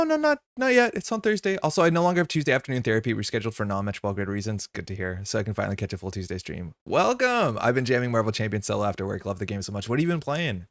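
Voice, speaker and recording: On a card game live stream, a low-voiced, slightly bright-sounding man greets viewers in loose, rambling chatter packed with fillers, his pitch leaping quickly whenever he says hello to chat. The sound is clean studio audio with no room noise.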